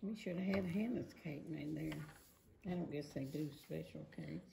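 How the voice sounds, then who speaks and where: A woman's voice: sits low, normal speed, gravelly, noisy background. A woman in her nineties, a grandmother, chatting fondly with family over a meal. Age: 90s. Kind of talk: casual family chat. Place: busy restaurant.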